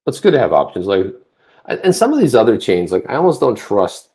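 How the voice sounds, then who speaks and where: A man co-hosting a casual livestream chat, rambling with many restarts and getting animated when he rants. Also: fairly low pitch, fairly quick. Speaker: co-host. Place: home office.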